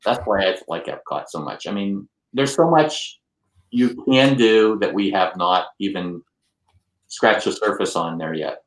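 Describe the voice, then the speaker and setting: A man co-hosting a casual podcast chat, who gets excited and enthusiastic as he talks. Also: lowish voice, unhurried. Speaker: podcast co-host. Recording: roomy echo.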